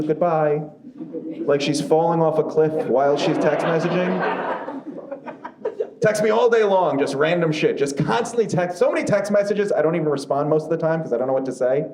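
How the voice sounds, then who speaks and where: A man doing a stand-up comedy set on a club stage, telling stories with animated delivery and acting out the voices of the people in them. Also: mid-range voice, slight background noise. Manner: animated storytelling, acts out quoted voices. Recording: roomy club sound with crowd laughter.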